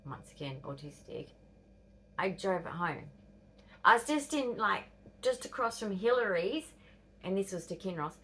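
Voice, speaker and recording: A woman's voice: mid-range voice, expressive, normal speed, long pauses, a bit bright. An Australian woman in her fifties telling a rambling, blunt story to camera, swearing and dropping into whispers. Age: 50s. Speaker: vlogger.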